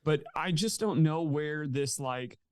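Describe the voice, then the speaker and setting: A man's voice: a little high, measured pace, smooth, no echo. Earnest man making his case, dry. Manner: earnest, argues his points in long runs. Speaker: podcast co-host. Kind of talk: casual sports betting chat.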